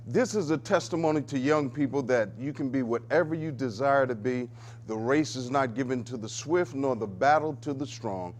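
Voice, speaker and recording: A man hosting a local community show's news segment, talking in a preacherly, exclamatory way that swings between loud and soft. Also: medium pitch. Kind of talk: lively community TV commentary.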